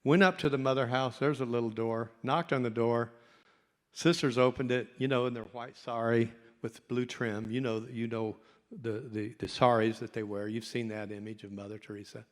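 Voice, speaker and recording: A man's voice: mid-range voice, steady tone, moderate pace. A middle-aged man, a doctor, tells a folksy, self-mocking story to a convention audience. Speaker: doctor and speaker. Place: convention hall. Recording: long hall reverb.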